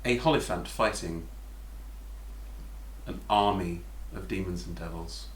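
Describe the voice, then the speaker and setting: A British man running a tabletop game as dungeon master, narrating scenes slowly and vividly between bursts of laughter. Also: low-pitched. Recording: roomy echo, faint background noise.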